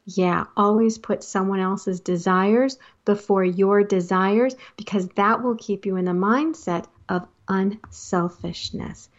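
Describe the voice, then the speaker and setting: A woman hosts a motivational talk and speaks earnestly to her listeners about caring for others. Her voice sits at an ordinary middle pitch. The recording sounds a little dull and lo-fi. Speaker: host.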